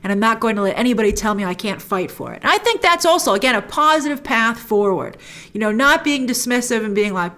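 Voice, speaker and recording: A woman hosting a casual spoken review of a TV episode, acting out characters' lines and adding frequent asides. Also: medium pitch. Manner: animated, acts out characters' lines in quick voices.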